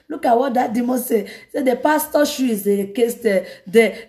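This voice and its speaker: A woman evangelist, preaching in an animated way and breaking into laughter often. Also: high-pitched, normal speed. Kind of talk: sermon.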